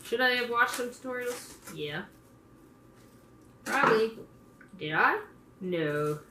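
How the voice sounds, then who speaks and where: A woman's voice: fairly high pitch, expressive, takes it slowly, background noise. A woman vlogger chatting casually and poking fun at herself while she works on a craft project. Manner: chatty and self-deprecating. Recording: roomy, from a distance.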